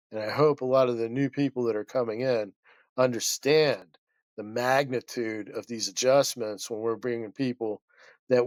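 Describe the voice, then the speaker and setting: A man's voice: mid-range voice, dry recording. A man who is a guest chiropractor, telling a story in a rambling, passionate way that keeps interrupting itself.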